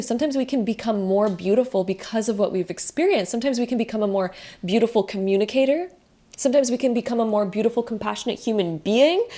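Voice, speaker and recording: A woman's voice: medium pitch, mellow. A young woman giving a casual spiritual card reading, chatty and self-laughing, with many fillers and restarts. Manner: chatty, laughs at herself, over-explains with many likes. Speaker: tarot reader.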